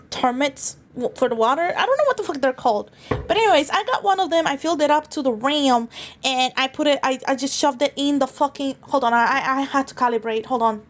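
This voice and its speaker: Giggly high-voiced woman streamer. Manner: giggly, rambling, crude and teasing; stammers and restarts often. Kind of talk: casual livestream chat.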